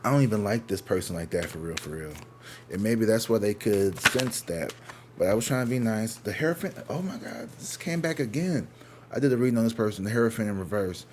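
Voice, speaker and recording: A man's voice: on the low side, fast talker, background noise. A man giving a casual tarot reading at home, talking in a candid, profane, rambling way and breaking into exaggerated mocking voices when he quotes people. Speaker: tarot reader. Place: his own living room.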